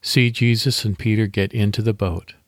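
A man hosting a devotional podcast, reading scripture slowly and leading a guided meditation. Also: fairly low pitch, fairly even intonation, no echo, clean studio sound.

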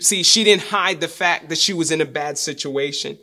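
A man delivers a sermon in a high voice. His tone is bright and forward, and his preaching is emphatic. He repeats key phrases and sinks his voice low for weight. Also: normal speed.

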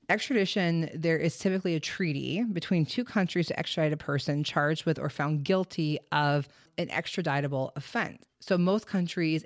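Speaking in a deep voice, a woman walks listeners through a true crime story on her podcast, keeping it casual and talkative with lots of fillers and an occasional swear. It's a clean studio recording without any room sound.

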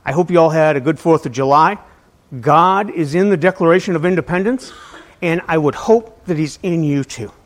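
A man's voice: fairly high pitch, normal speed. A male pastor giving a casual, conversational sermon to a small church, often stumbling on and repeating his words. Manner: conversational, self-deprecating, repeats words when starting sentences.

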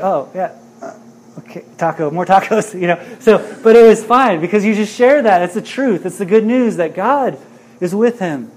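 A man's voice: a little high, a little mellow, a little hiss or hum. A middle-aged man preaching a sermon as a pastor, talking in an earnest, conversational way and often asking "right?".

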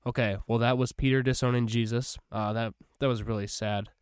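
A young man reads a Bible passage aloud in an average-pitched voice, then breaks off to chat about it in a loose, casual way. He fills pauses with fillers and corrects himself as he goes. The recording is dry and close, with no room sound. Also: steady tone, clean tone, dry recording. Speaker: podcast host. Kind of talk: casual Bible reading and commentary.

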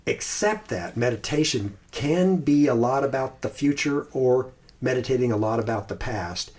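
A man in an unhurried podcast chat, speaking at a middle pitch and thinking aloud. He stops and restarts his sentences and sometimes slows down to recite a short phrase word by word. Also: animated, darkish tone. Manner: thoughtful, halting, with restarts and slow recited phrases. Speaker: podcast host. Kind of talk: casual podcast chat about Christian meditation.

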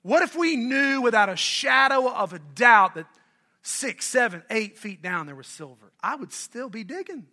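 Bright, high-voiced middle-aged preacher. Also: male voice, normal speed. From North Carolina, US. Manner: animated and conversational, questions and jokes with the congregation. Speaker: pastor. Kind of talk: sermon.

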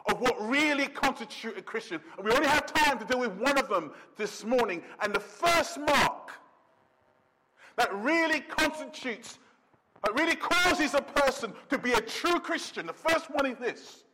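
A man preaching a sermon as pastor, emphatic, slowing down to stress words and dropping to a quiet intensity. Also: extremely high pitch, animated.

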